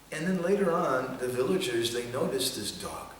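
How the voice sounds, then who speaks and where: Male seminar speaker, gentle storyteller, mid-range voice; distant mic in a very echoey hall with faint ambience. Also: medium pitch, expressive, moderate pace, slight background noise. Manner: gentle storytelling, occasional chanting. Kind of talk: storytelling sermon.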